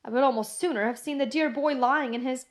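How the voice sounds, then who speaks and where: A woman's voice: high-pitched, brisk, close to an everyday voice. A woman reading the lines of a tearful, devoted Englishwoman in an audiobook, with emotional, pleading cries.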